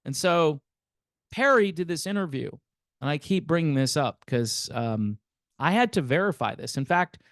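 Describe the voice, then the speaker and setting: Wry, slightly high-voiced man host. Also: expressive, moderate pace, no room sound, clean studio sound. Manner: wry and sarcastic, with theatrical asides. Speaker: host of a music commentary channel. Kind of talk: casual commentary.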